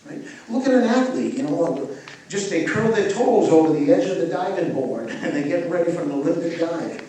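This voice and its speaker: Older man, high-ish voice, guides breathing with easy humor, recorded far off in a roomy hall. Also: lively intonation, brisk, slight background noise. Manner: gentle guiding questions, joking asides. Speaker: breathwork teacher. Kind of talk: guided breathwork talk to a live audience. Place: large echoey event space. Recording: echoey, distant live event recording with ambience.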